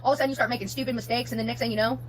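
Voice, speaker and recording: A woman telling a story to her stream viewers in a profane, animated way. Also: a little high, rapid-fire, a little hiss or hum, rough recording. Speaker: livestream host.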